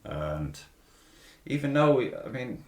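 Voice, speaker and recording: A man's voice: medium pitch, very animated, slow pace. A man chatting casually as a podcast host, profane and self-mocking. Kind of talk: casual chat. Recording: roomy echo.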